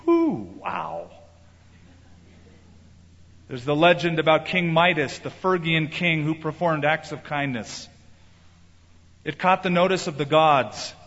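A middle-aged man preaching a sermon as pastor, emphatic and animated. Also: fairly high pitch, slow pace, vocal fry, long pauses. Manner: emphatic preaching, acting out voices in quotes. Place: large church sanctuary. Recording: reverberant hall, slightly muffled.

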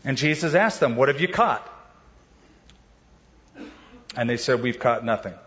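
A man preaching a sermon in a lively, casual way, mixing slang with scripture and acting out the voices in the stories with sudden leaps in pitch. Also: unhurried, dull audio, slight background noise. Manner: animated preaching, acting out quoted voices with big pitch jumps. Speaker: pastor.

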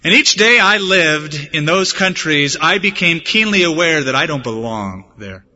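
A man's voice: on the high side, animated, normal speed, bright, forceful tone. A man from the United States, a pastor preaching a sermon with earnest conviction and humorous personal stories. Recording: dull, echoey church hall recording.

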